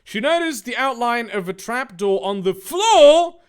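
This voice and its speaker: A man's voice: very high voice, animated, measured pace, clear, resonant tone. A man reading fanfiction aloud, breaking off into sarcastic, incredulous, swearing commentary.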